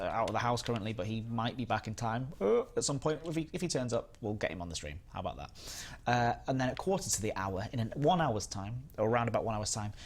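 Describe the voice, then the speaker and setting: Hosting a live game stream, a young man with a voice on the low side chats casually and upbeatly greets viewers by name.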